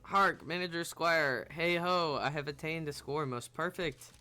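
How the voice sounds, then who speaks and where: A man's voice: fairly high pitch, measured pace, pushed and bright, soft background music, voice pushed up. A man reading out the lines of a chivalrous young female knight in grand, old-fashioned knightly speech. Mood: boastful.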